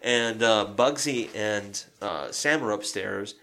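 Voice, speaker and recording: A man co-hosting a casual podcast about a film, animated and laughing, with lots of fillers and swearing. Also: lowish voice, slow. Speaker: podcast co-host.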